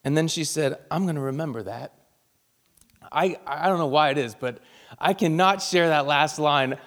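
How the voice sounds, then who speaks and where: A man's voice: fairly high pitch, moderate pace, a bit bright, big-room sound. A man, a pastor, preaching a sermon and telling a personal story in an earnest, heartfelt way.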